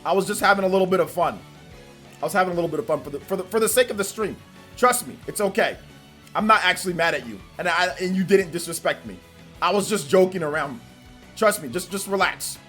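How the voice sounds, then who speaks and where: Brief: male streamer, animated and bouncy, casual chat banter with mock outrage. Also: sits high, fast, faint music behind. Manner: playful mock-angry teasing of chat. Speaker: livestream host.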